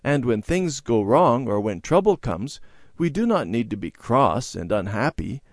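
A man reading aloud and voicing a gentle, patient Sunday school teacher who explains things to children. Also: mid-range voice, sing-song, unhurried, no room sound, clean studio sound. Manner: gentle and instructive.

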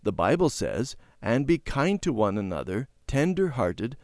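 A man voicing a patient mother calmly explaining things in a children's storybook reading. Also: medium pitch, unhurried, no room sound, studio quality. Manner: calm, explaining. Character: patient mother, gentle teaching voice.

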